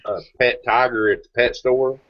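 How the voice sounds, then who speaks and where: A man chatting casually in a hesitant, unhurried way. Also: medium pitch, steady tone, slight background noise. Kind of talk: casual chat. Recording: dull lo-fi audio.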